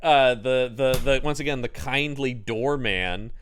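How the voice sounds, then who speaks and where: A man's voice: medium pitch, unhurried, fairly bright tone, a little hiss or hum. A man co-hosting a comedy podcast, recapping an old movie in casual chat and acting out scenes in goofy voices. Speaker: podcast co-host.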